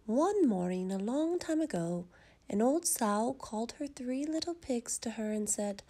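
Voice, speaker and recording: A woman narrating a children's story in a measured, expressive way. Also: on the high side.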